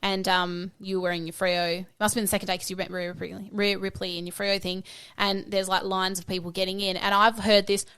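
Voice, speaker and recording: A young Australian woman co-hosting a podcast, telling trip stories in lively casual chat and swearing freely. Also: mid-range voice, a little fast, clean tone. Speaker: podcast co-host.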